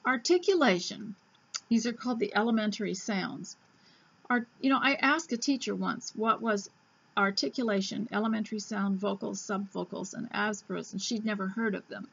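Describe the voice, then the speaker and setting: A woman host reading an old school reader aloud, breaking off into chatty asides and admitting she talks too fast. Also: medium pitch, gravelly, a bit bright, husky, no echo. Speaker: homemaking radio host. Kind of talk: casual reading lesson. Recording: dull lo-fi recording.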